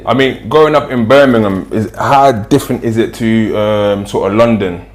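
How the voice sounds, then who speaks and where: A man hosting a podcast, asking measured, probing questions in a casual way with fillers. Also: lowish voice, slight background noise. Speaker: podcast host.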